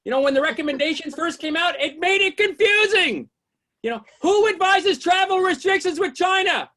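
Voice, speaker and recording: A man doing a stand-up comedy set, rambling through setups and shouting exasperated punchlines, often asking "you know what I mean?". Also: very high voice, lively intonation, normal speed.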